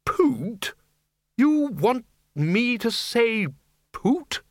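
A man voicing a loud, gruff, blustering older male wizard leader in an audiobook reading, sputtering with indignation. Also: high-pitched, huge pitch swings, takes it slowly, no room sound, studio quality, voice pushed up, exaggerated voice.

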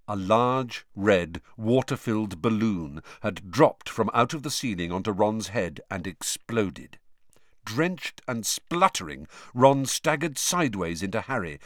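A man reading a storybook aloud in an expressive, measured way. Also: on the low side, no room sound, studio quality. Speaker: audiobook narrator. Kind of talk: storybook narration.

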